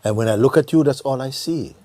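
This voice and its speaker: A middle-aged man giving a gentle satsang talk as a spiritual teacher, often dropping to a near whisper and laughing easily. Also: mid-range voice, fast, no echo. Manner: laughs easily, joyful and earnest.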